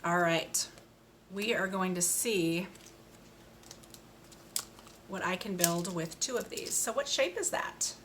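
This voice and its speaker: A woman giving a slow, patient speech lesson to a child, modeling each sound with care. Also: lowish voice, fairly bright tone, a little hiss or hum. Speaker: speech therapist.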